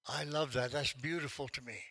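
A man's voice: mid-range voice, steady tone, a little fast, gravelly, pushed and bright, poor audio. A man of seventy-five preaching a sermon, telling a story and acting out the quotes with rising force. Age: 70s. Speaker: pastor.

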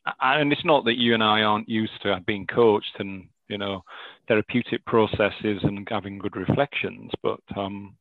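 A man's voice: fairly low pitch, fairly even intonation, normal speed, no room sound, narrow, tinny audio. A man with a Northern English accent talking reflectively as a coach, hesitant and full of restarts. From Northeast England. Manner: hesitant, many restarts and fillers. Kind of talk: reflective conversation.

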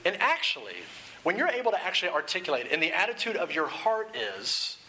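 Bright-voiced man preaching a sermon. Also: sits high, sing-song, fairly quick, a little hiss or hum, poor audio. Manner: informal, storytelling with restarts, building to earnest exhortation. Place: room with an audience.

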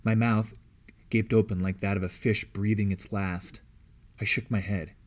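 A man reading a novel aloud as the audiobook narrator, with a measured, even storytelling delivery. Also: on the low side. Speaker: audiobook reader.

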